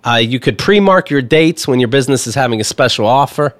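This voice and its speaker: A man's voice: medium pitch, fast talker, no echo. A man co-hosting a comedy podcast, joking around and loosely reading an ad. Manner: joking, animated, reads ad copy loosely. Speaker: podcast co-host. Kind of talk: casual comedic chat.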